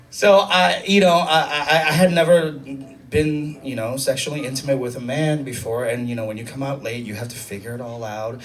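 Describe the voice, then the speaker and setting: A man in his thirties doing a chatty, self-mocking stand-up set, jumping into high squealing impressions. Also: normal speed, far from the mic. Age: 30s. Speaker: stand-up comedian. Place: comedy club stage. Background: audience laughter.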